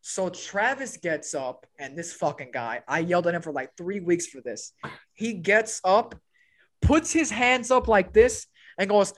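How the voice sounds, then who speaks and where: A young adult man with a high-pitched voice talks at a normal speed as a co-host on a podcast with his old school friends. In casual chat he tells an animated story, swearing freely and acting out what other people said.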